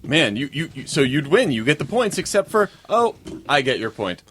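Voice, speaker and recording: A man on a casual podcast chat, making slow deadpan jokes. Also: on the high side, slight background noise.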